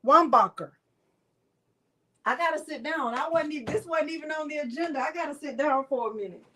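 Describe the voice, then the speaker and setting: A woman's voice: high-pitched, a little fast, fairly bright tone, a little hiss or hum. A middle-aged woman hosting a crafting livestream, gushing and exclaiming to viewers as she runs a prize drawing. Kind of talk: excited live stream chat. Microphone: desk microphone.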